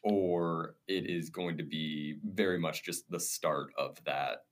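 A man's voice: low voice, fairly even intonation, slow. A man co-hosting a casual book podcast, thinking aloud through his predictions. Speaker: podcast co-host. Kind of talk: casual chat.

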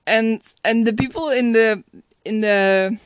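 A woman's voice: fairly high pitch, unhurried, clean tone, no room sound. A woman talking casually about a romantic film, chatty and reflective, often laughing and restarting her sentences. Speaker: film reviewer. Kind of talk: casual spoken movie commentary.

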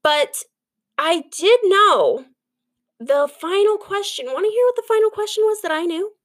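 A young adult woman hosting a podcast, chatting and ranting in a lively, animated way. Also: very high-pitched, measured pace, no echo. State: out of breath. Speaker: podcast host. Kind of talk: casual chat.

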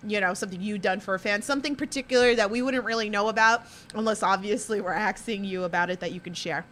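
A woman's voice: medium pitch, fast talker, a bit bright, a little hiss or hum. A woman podcast host asking questions in a chatty, upbeat way with lots of fillers. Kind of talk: casual interview.

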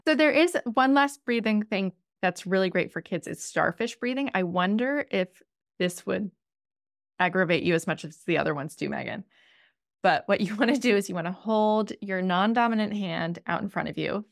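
A woman podcast co-host and parent, gently walking listeners through calming exercises in a casual chat. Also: medium pitch, normal speed, gravelly, no room sound, studio quality. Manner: gentle, instructive, sing-songy with kids' exercises.

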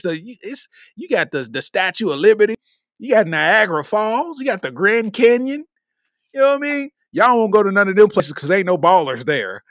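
A man's voice: high-pitched, fairly bright tone, no room sound, clean studio sound. A man from Kentucky, hosting a podcast solo and delivering a comedic rant with lots of laughter and preachy emphasis. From Lexington, Kentucky. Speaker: podcast host.

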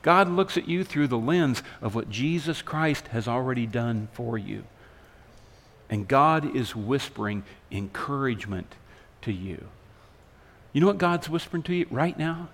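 A man's voice: medium pitch, lively intonation, unhurried. Man preaching in a reverberant hall. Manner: dynamic, swings between loud emphasis and soft hushed lines. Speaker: pastor. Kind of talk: sermon.

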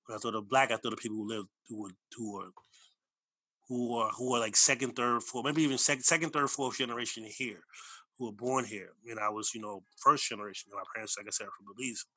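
Man, casual talker, rambling then emphatic, tense bright tone, dead dry room. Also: mid-range voice, steady tone, quick pace, breathy edge, no room sound, poor audio. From United States. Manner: rambling, with many restarts and emphatic repeats. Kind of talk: casual conversation.

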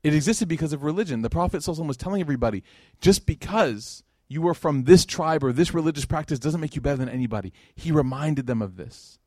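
Male lecturer, higher voice, dry close sound, animated casual storyteller. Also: very fast, no room sound. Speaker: Islamic lecturer. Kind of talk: religious lecture to a live audience.

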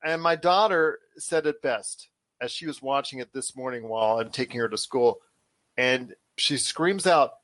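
A man's voice: medium pitch, moderate pace, a bit bright, no echo. A man hosting a casual podcast chat, talking in an enthusiastic, rambling way with frequent restarts. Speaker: show host.

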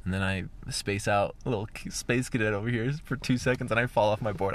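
A man's voice: on the low side, steady tone, quick pace, hardly any pauses. A young man telling a profane, rambling story about a mishap, with lots of fillers. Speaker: vlogger. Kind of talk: casual storytelling.

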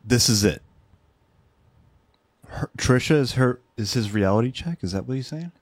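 Sex: man. Role: co-host. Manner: joking, swearing, laughing. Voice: lively pitch, dry sound. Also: moderate pace, no echo. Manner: animated, swearing, laughing, jokey. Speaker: podcast co-host. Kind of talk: casual reaction chat.

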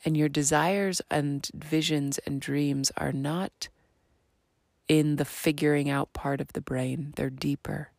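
A woman hosting her own podcast, talking in a slow, earnest, reflective monologue that drifts into soft half-whispers. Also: low-pitched, fairly even intonation, creaky, no echo, clean studio sound. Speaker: podcast host.

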